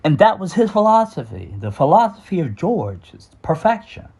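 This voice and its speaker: A middle-aged man telling a personal story off the cuff, halting and earnest, with sighs and restarts. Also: high-pitched, very animated, a little mellow, slightly rough. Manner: halting, with frequent fillers and restarts; earnest and sighing. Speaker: memoir storyteller.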